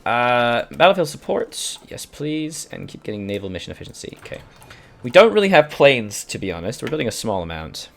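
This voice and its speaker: A man's voice: medium pitch, big pitch swings, brisk, creaky. A man casually commenting on his strategy game as he plays, swearing freely and answering questions from his live chat. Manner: chatty, profane, reads out chat questions. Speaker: video game streamer.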